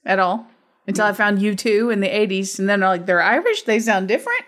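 A woman's voice: medium pitch, lively intonation, fast talker, fairly bright tone. A woman from the Midwest, co-hosting a movie podcast in chatty, teasing conversation. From American Midwest. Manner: laughing often, chatty and teasing. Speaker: podcast co-host. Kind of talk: casual movie podcast chat.

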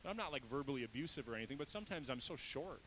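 Pastor, male, 30s, forceful bright tone, chatty and candid from the pulpit. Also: mid-range voice, animated, racing, slight background noise, low-quality recording. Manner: casual, candid, self-deprecating asides. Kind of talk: conversational sermon.

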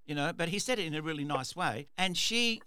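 A man's voice: fairly high pitch, lively intonation, fairly quick, pushed and bright, clean tone. Rambling male radio host. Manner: rambling, repeats words and restarts. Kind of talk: casual storytelling monologue.

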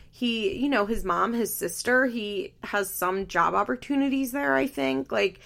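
A woman's voice: medium pitch, creaky, fairly bright tone. A woman hosting a podcast, chatting casually and bluntly with lots of "like" fillers as she recaps a reality show. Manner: blunt, opinionated, heavy use of "like" fillers. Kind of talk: casual chat.

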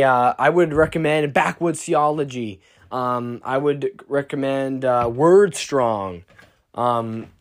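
A teenage preacher giving an informal sermon, earnest and halting, with frequent restarts and bursts of excited emphasis. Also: medium pitch. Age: teens.

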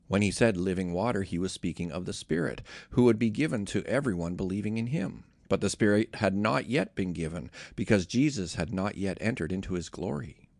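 A man reading scripture aloud in a steady, measured narration. His voice is gravelly, with a lively rise and fall, and the recording is close and dry. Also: lowish voice, dry recording. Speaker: scripture reader.

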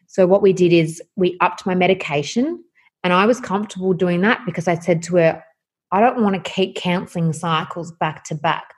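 A woman's voice: lowish voice, moderate pace, breathy edge. A woman, a guest candidly telling a personal story and acting out the conversations in it. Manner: animated, acts out quoted dialogue. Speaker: guest sharing her story.

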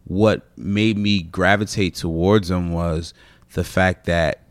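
A man's voice: low-pitched, steady tone, slow, no echo. A man who is a comedian guest, telling stories in casual podcast chat, rambling with many fillers.

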